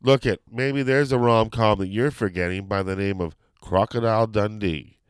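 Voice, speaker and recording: A man hosting a podcast in casual chat, rambling and excitable, often losing his train of thought. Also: lowish voice, normal speed, crowd noise. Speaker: podcast host.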